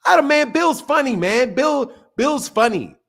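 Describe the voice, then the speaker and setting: A high-pitched man hosting a boxing talk show, ranting in a loose, heated way. He repeats himself, swears freely and jabs at his viewers with blunt scorn. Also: animated, measured pace, creaky, a bit bright. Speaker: boxing channel host. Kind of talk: heated casual boxing commentary.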